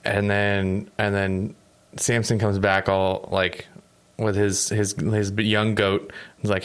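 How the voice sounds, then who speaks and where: Man, deep voice, smooth and resonant, podcast co-host, rambling jokey storytelling. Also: flat delivery, slow pace. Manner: rambling, jokey, acts out quoted lines. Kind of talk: casual chat retelling a story.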